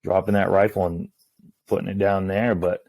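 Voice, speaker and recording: A man, a hunting guide, telling a story in casual talk, acting out the lines of others in a hushed voice. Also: low voice, moderate pace, vocal fry, no echo. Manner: animated, acts out quoted lines in a hushed voice.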